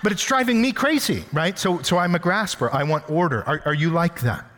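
A man's voice: fairly high pitch, expressive, fairly quick, fairly bright tone, in a large hall. A man preaching a sermon as pastor, conversational and teasing, with everyday examples. He often repeats words and restarts. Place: church sanctuary.

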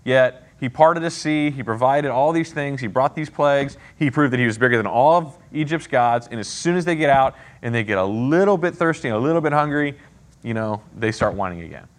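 A man leads a casual Bible study in a conversational way, often checking in with his listeners. His voice is animated and rises and falls widely in pitch. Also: a little fast. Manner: conversational, frequent "right?" and "okay?" check-ins.

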